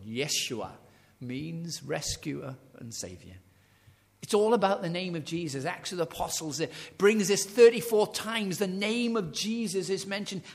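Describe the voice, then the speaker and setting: A man preaching a sermon, dramatic, swinging from loud declarations to hushed near-whispers and retelling stories with quoted dialogue. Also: on the high side, vocal fry.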